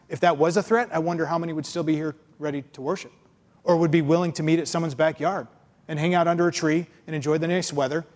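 A man preaching a sermon as pastor, animated, acting out complainers in mocking voices. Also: on the high side, long reverb tail. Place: church.

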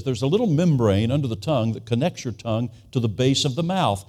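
A man's voice: medium pitch, warm tone. A man in his sixties preaching a sermon, telling a family story earnestly and acting out the voices he quotes.

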